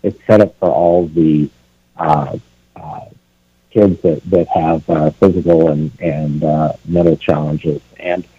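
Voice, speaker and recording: A man's voice: rumbling low, steady tone, takes it slowly, breathy edge, no room sound. A man guest on a radio talk show, speaking earnestly and casually. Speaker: event organizer guest. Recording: dry tinny phone-like line.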